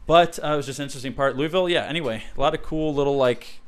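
A man's voice: fairly high pitch, very fast. A man co-hosting a podcast in casual chat, rambling with lots of fillers and restarts. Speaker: podcast co-host.

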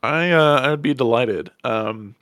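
A man's voice: medium pitch, measured pace, fairly bright tone, clear, resonant tone. A man co-hosting a podcast in casual chat, laid-back and joking, swearing freely. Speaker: podcast co-host.

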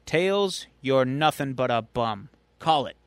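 A man's voice: medium pitch, lively intonation, slow pace, smooth, dry recording. A man voicing an older neighborhood mentor who speaks in a teasing, folksy way. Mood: teasing, fond.

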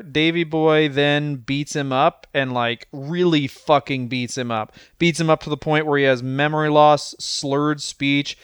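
A man co-hosting a comedy podcast, talking in an animated, profane way and laughing often. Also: fairly high pitch, smooth, no room sound, studio quality. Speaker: podcast co-host. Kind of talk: casual comedic chat.

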